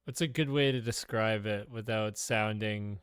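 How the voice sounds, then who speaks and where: A man's voice: lowish voice, a little slow, smooth, no echo, clean studio sound. A young man co-hosting a live stream, teasing and playful in casual chat. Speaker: co-host.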